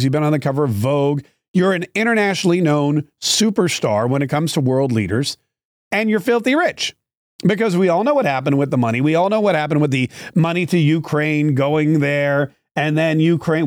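Male commentator host, slightly higher voice, dry close mic, forceful and repetitive. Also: dry recording. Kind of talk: opinionated political monologue.

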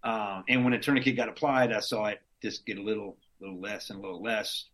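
A man's voice: fairly low pitch, steady tone, fast, a bit bright. Laid-back slangy male veteran. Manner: laid-back, slangy, drops in curses and chuckles. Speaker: army veteran guest. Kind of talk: casual storytelling.

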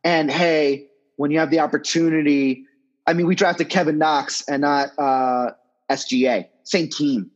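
A man in his thirties talks as a podcast guest, rambling through stories in a loose, casual way and swearing now and then. His voice sits a touch higher than most, and the recording is a little dull and lo-fi. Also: steady tone, a little slow. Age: 30s. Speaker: guest, sports agent. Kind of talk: podcast interview storytelling.

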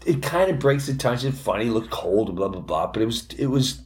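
A middle-aged man, a comedian, telling a long personal story in an animated, restless way with many restarts and asides. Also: mid-range voice, fairly quick, few pauses. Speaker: comedian host. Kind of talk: comic storytelling.

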